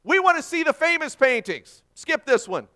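A man voicing an impatient male bidder who shouts abrasively at an auction, in a spoken sermon story. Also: extremely high pitch, expressive, normal speed, pitched above the performer's own voice. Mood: angry shouting.

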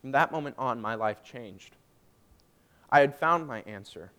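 A young man giving a personal faith testimony, emotional and swinging from hushed, drawn-out phrases to loud, emphatic ones. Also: medium pitch, lively intonation. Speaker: student speaker giving testimony.

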